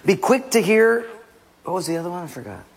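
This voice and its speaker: A male pastor preaching a sermon with animated delivery, acting out little skits and quizzing the listeners. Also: high voice, brisk. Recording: long hall reverb.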